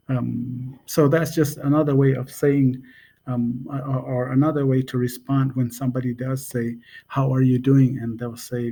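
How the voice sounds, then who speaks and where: A man teaching a language in a casual spoken lesson, unhurried and hesitant, with many pauses and fillers. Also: medium pitch, little pitch movement, creaky, warm tone.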